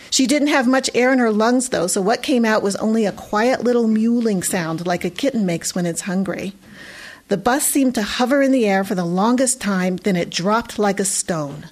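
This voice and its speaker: A woman narrating a children's audiobook in a lively, expressive way. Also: mid-range voice.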